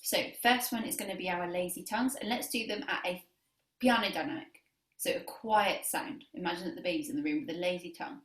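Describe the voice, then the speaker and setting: A woman's voice: fairly low pitch, a little fast, a bit bright. Woman, clarinet teacher, encouraging, counts students in, echoey room, distant camera mic. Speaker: music teacher. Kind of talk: beginner clarinet lesson video.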